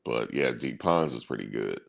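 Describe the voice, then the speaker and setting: A man's voice: a bass voice, lively intonation, moderate pace, creaky. A man hosting a sports channel, chatting casually in loose, slangy banter and chuckling at his own stories.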